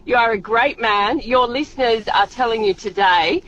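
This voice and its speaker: A woman's voice: fairly high pitch, moderate pace. A woman calling in to a radio show while driving, effusive and emotional. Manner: effusive, emotional, warm praise. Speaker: TV presenter calling in. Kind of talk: talkback call-in. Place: car, driving. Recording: muffled phone line from a car.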